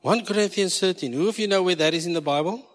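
In a church hall full of long reverb, a South African pastor speaks fast in a high voice. He jokes with the congregation during his sermon, shifting from South African-accented English into Afrikaans.

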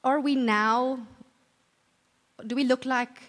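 A long hall reverb colors this recording of a woman's church talk. Her voice is high and steady, her pace slow, and her warm, earnest preaching is full of restarted sentences and self-corrections.

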